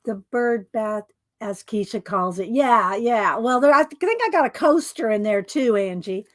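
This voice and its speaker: A woman talks casually to her live viewers, greeting them one by one by name. Her throat is scratchy and she keeps clearing it. Her voice sits a little high. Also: animated, moderate pace. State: scratchy throat, struggling to talk. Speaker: craft channel host. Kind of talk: casual live-stream chat.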